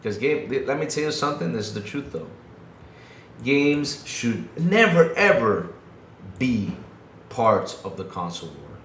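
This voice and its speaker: Speaking at a measured pace, a man with a mid-range, slightly bright voice gets very animated as he co-hosts a podcast. He delivers casual gaming commentary as an emphatic rant, circling back to the same points. The room echoes, with faint noise behind him.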